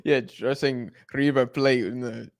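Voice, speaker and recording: A man's voice: mid-range voice, measured pace, creaky, no echo. A young man co-hosting a live watch-along, casually calling the football action as it unfolds and chatting between moves. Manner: relaxed, calls the play as it happens. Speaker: co-host of a match watch-along. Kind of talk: casual play-by-play commentary.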